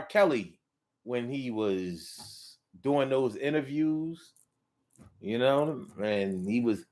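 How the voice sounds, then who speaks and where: A man hosting his own talk show in a casual, rhythmic monologue, often acting out the people he talks about. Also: on the high side. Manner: animated, rhythmic, acts out quoted voices. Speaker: show host.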